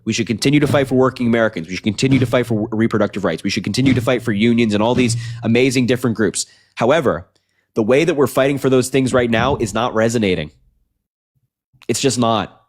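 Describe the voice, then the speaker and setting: A young man hosting a late-night political livestream, ranting earnestly, repeating himself, and reading out chat donations while sounding tired. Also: mid-range voice. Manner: earnest, repetitive, fast rants with filler "like".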